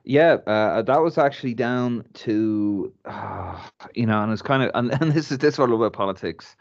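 A man's voice: mid-range voice, expressive, normal speed, lo-fi sound. A man, co-hosting a casual football chat and rambling animatedly with many restarts. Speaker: podcast co-host.

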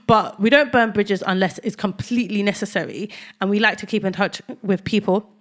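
A woman's voice: medium pitch, fairly quick. A young woman co-hosting a podcast in casual chat, talking with many fillers and frequent laughter. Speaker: podcast co-host.

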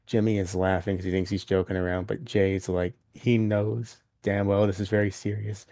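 A man's voice: on the low side, little pitch movement, moderate pace, dark tone, no echo. A man co-hosting a podcast, casually recapping a wrestling show at length and acting out what was said. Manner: recaps events at length, acting out quoted lines. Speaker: podcast co-host. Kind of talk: casual wrestling review chat.

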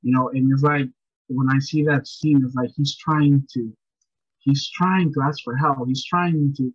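A man with a husky voice rambles through a casual film chat, restarting his sentences often and sounding sympathetic. The recording is dull and lo-fi, and very dry. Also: medium pitch, steady tone, a little slow, dry recording.

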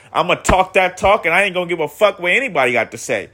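A man's voice: high voice, lively intonation, fast, hardly any pauses, pushed and bright. A man hosting a podcast, delivering a motivational solo monologue in a preachy, repetitive way with slang and cursing. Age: adult with kids. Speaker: podcast host.

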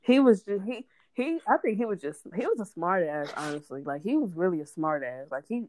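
A woman's voice: lowish voice, big pitch swings, a little fast, a little mellow, a little hiss or hum. A young adult woman chatting casually as a podcast guest, telling stories in loose slang with frequent laughter and profanity. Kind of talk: casual chat.

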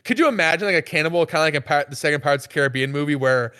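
A man's voice: a little high, very fast, pushed and bright, smooth. A young man co-hosting a podcast, rambling through crude, teasing banter in a casual chat. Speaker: podcast co-host.

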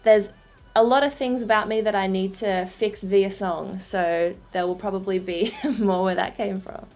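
A woman musician being interviewed on radio, relaxed and casual in how she talks. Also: mid-range voice, moderate pace. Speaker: musician guest.

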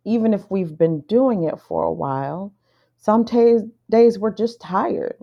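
A woman co-hosting a casual conversation, gentle and thoughtful, pausing with frequent ums. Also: medium pitch, animated, vocal fry, highs cut off. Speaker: podcast co-host.

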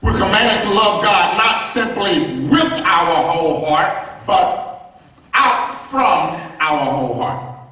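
A man's voice: sits high, animated, takes it slowly, bright, forceful tone. A man preaching a sermon, emphatic, with rising repeated phrases and questions to the congregation. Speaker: pastor. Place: church sanctuary. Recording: echoey church heard from a distance.

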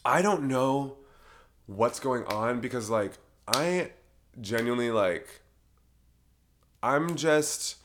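A man's voice: medium pitch, expressive, takes it slowly, long pauses, background noise. A young man hosting his own solo podcast, rambling casually, often breaking into giggles and cutting himself off mid-sentence. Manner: giggly, rambling, self-interrupting. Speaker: podcast host.

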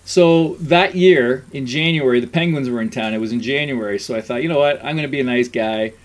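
A middle-aged man telling stories in a casual chat, animated, laughing often and acting out what people said. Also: medium pitch, fairly quick.

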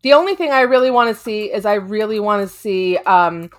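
A woman's voice: medium pitch, animated, a little fast. A woman co-hosting a casual comics podcast, chatting in a rambling way with casual swearing. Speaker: podcast co-host.

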